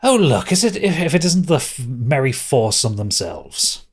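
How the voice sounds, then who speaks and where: A man's voice: medium pitch, very animated, normal speed, breathy edge, voice pushed up. A man voicing a sneering, fawning young male prince who talks indignantly. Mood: mocking.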